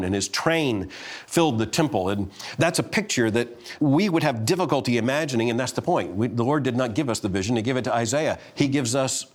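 Middle-aged preacher, earnest, scripture reading and teaching, mid pitch. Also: male voice. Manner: reads scripture aloud, then explains it in an earnest teaching tone. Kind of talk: sermon.

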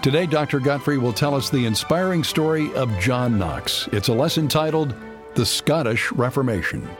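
A man reading a scripted radio program introduction in a measured, formal announcer's manner. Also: mid-range voice, lively intonation. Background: music.

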